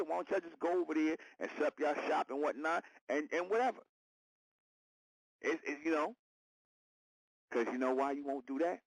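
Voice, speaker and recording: A man's voice: mid-range voice, no room sound, poor audio. A man hosting an internet radio show, lecturing his listeners in a repetitive, confrontational monologue. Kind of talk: preaching monologue.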